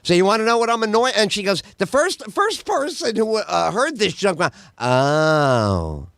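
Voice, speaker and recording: A man hosting a podcast as a comedian, telling jokes in an energetic, animated way and laughing at his own bits. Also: high-pitched, fairly quick, gravelly, dry recording.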